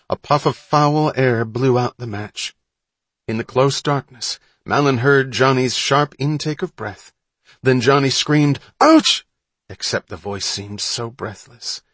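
A man reads a creepy tale aloud in a middle-pitched voice. He moves between quiet, hushed lines and louder, tense ones. The recording is dry and close, with no room echo. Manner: dramatic, hushed to loud for suspense. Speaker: narrator. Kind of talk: scripted story narration.

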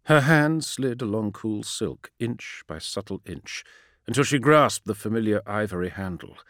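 A male audiobook narrator with a fairly low voice, reading a dramatic story with lively swings in pitch. His delivery is expressive and shaped for suspense. The recording is close and dry. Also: normal speed, no echo. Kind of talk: scripted narration.

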